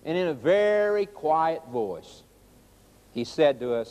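Animated folksy preacher man. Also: on the high side, slow pace, big-room sound, a little hiss or hum. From rural United States. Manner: addresses the audience as folks, acts out quotes in a raised voice. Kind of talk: sermon.

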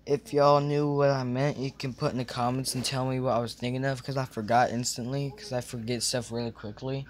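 A young man talking casually to his camera in a small room, his thoughts wandering as he loses track with ums and restarts. His voice sits at an ordinary middle pitch. A faint hum of room ambience sits under it. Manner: scattered, forgetful, many fillers and restarts. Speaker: vlogger. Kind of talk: rambling casual vlog.

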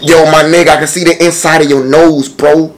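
Young male streamer with a high-pitched voice, brash and profane, roasting strangers in loose slang. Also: flat delivery, fairly quick, low-quality recording. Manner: brash, profane slang banter with frequent laughter. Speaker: streamer on a random video chat app. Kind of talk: casual chat, roasting strangers.

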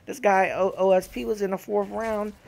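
A young man giving casual, profane reaction commentary on fights, animated and trash-talking. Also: sits high, moderate pace, gravelly. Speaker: gaming channel host.

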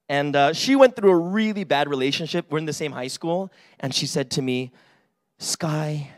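Lively, high-pitched man preaching casually. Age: 40s. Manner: chatty, many fillers and "right?" asides, acts out quotes. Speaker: pastor. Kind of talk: casual sermon with personal stories.

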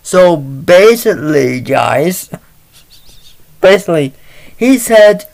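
A man giving a casual movie review, retelling the plot in a halting, rambling way into a laptop mic. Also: fairly high pitch, clear, resonant tone.

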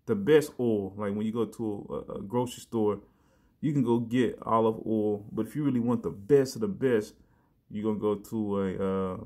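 A man giving a casual sermon, talking in a loose conversational way, often saying "man" and "you know", and reading verses slowly with emphasis. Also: lowish voice, a little mellow. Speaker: preacher.

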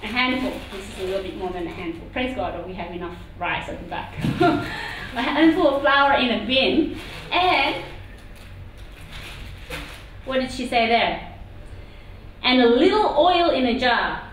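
A woman preacher giving a sermon in a church meeting room, talking in an animated, conversational way with asides. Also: a little high, a little slow, a little hiss or hum. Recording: echoey hall from far off.

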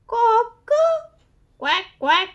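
Flustered young rooster in a storybook reading, high and loud, put on by a woman. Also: big pitch swings, very slow, full character voice. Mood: frantic crowing. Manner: loud strained crowing.

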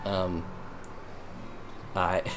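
A man's voice: low-pitched, level tone, very slow, fairly bright tone, faint music behind. A man co-hosting a visual novel playthrough, rambling and self-mocking. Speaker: co-host voicing the game. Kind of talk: casual visual novel let's play.

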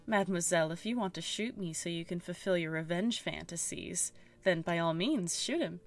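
A woman's voice: lowish voice, moderate pace, soft background music, close to an everyday voice. A woman voicing a cold, proud rooster prosecutor, an older man who talks in a lofty, dismissive way.

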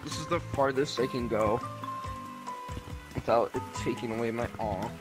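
A man's voice: medium pitch, normal speed, music in the background. A man playing a video game with friends, goofy and playful in casual chat. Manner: playful, goofy beeping noises. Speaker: gaming friend.

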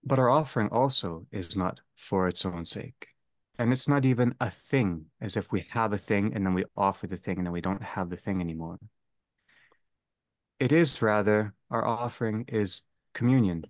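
A man leading a theology seminar, speaking slowly and deliberately and restating each phrase. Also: on the low side, no echo. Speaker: seminar leader. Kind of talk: theology lecture.

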